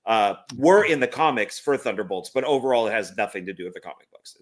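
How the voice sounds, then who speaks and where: A man's voice: lowish voice, animated, fast. Easygoing man, hesitant fillers. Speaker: co-host. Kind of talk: casual movie chat.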